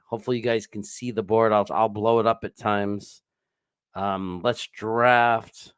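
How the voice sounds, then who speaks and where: A man's voice: lowish voice, steady tone, measured pace, smooth, no echo, studio quality. A man hosting a live stream, chatting casually and rambling as he greets viewers by name and swears now and then. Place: home setup with screens.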